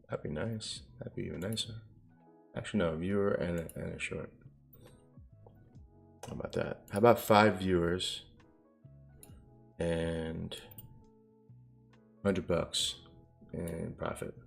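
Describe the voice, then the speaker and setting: A man's voice: low-pitched, vocal fry. A man streaming his day trading live, talking casually to viewers and muttering to himself as he reads the charts. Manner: rambling, self-talking, mutters at the screen.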